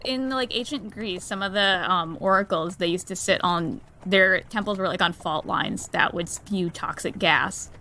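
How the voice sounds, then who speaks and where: Bright, chatty woman player. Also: on the low side, moderate pace, hardly any pauses. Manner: chatty, talks about her character. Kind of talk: casual tabletop play.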